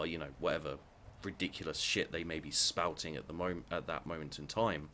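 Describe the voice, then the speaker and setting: A man's voice: extremely low pitch, fairly even intonation, brisk, pushed and bright, a little hiss or hum. A man ranting bluntly about his opinions, swearing often and restarting his sentences. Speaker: vlogger. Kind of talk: heated opinion rant.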